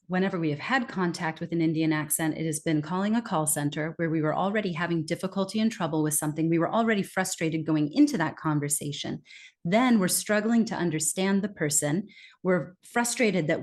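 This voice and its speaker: An American woman with a fairly low voice speaks as a guest expert in an interview. She explains at length in a conversational way. She slips into lively, exaggerated voices when quoting people. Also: brisk. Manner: animated, acts out quoted reactions in lively bursts. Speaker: guest expert on accents and communication.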